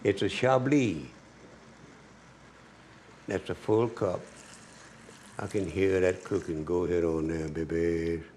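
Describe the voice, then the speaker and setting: A man's voice: deep voice, slow pace, pauses often, a little mellow, a little hiss or hum. A man giving a cooking demonstration as a home cook, folksy and chatty, talking straight to the viewer.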